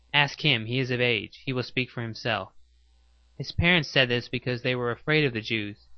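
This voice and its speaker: A man's voice: mid-range voice, no room sound. Man reading scripture in a dry, dull recording.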